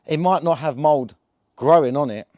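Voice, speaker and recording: Man, casual rambling vlog, slangy, lots of fillers, slightly high voice, dry close sound. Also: dry recording. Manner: slangy, chatty, full of fillers and tag questions. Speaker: cannabis vlogger. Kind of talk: casual rambling monologue to camera.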